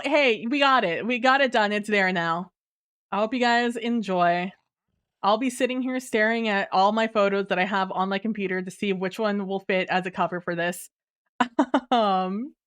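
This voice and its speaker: A woman livestreamer chats casually with viewers from her home computer, reading their messages aloud. Her mid-range voice is smooth and a bit bright, and she laughs often, apologizes, and uses lots of fillers and restarts.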